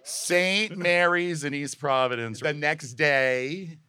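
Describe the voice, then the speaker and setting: A man's voice: a little high, slow, sharp tone, smooth, no echo. A man from the audience at a live show, telling a story in an amused, self-mocking way.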